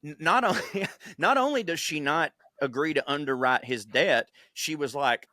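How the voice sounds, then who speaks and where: A man co-hosts a casual podcast with a bright, forceful voice. He tells stories in a profane, animated way and drops into put-on voices for quotes. The sound is dry and close. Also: on the high side, moderate pace, dry recording. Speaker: podcast co-host. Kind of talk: casual chat.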